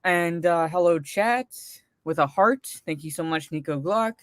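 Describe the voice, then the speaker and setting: Still recovering from a migraine, a woman co-hosting a casual livestream reads out chat messages, meandering through fillers and restarts. Her voice is fairly low and a little slow, with no room sound.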